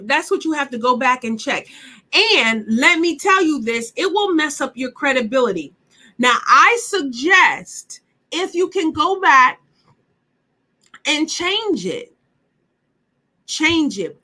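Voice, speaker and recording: Woman, workshop instructor, bright sharp voice, emphatic, chatty, direct questions to listeners. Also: sits high. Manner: emphatic, chatty, repeats points for effect; talks straight to the audience with questions. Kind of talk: live online workshop teaching.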